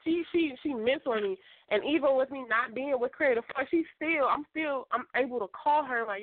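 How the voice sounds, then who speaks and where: A high-voiced woman tells a story in a lively, chatty way. She laughs often and acts out the voices of the people in it. The sound is dry and tinny, as if coming down a phone line. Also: normal speed, no room sound. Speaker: guest author. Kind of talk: casual storytelling.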